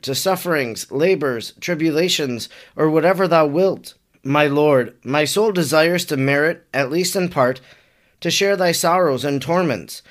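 A man, a priest, reading an old devotional text aloud in a measured, reverent way. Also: fairly high pitch.

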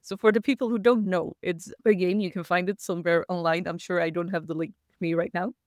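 A woman's voice: on the low side, steady tone, fast, darkish tone, dry recording, studio quality. A woman hosting a casual livestream talk, chatty and laughing often as she reads the chat. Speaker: host.

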